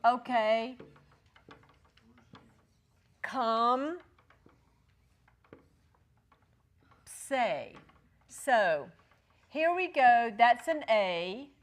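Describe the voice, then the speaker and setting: A woman's voice: fairly high pitch, lively intonation, slow. A woman teaching a Greek class in a classroom, chatty and encouraging, joking with her students. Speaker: Greek teacher at a ministry school. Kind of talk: classroom lecture.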